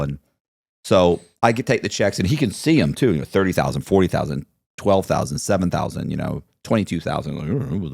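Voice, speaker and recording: A man's voice: low-pitched, gravelly, a little mellow, dry recording, clean studio sound. A man telling a story in a casual interview, acting out both sides of the conversations he recounts. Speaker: podcast guest telling his story.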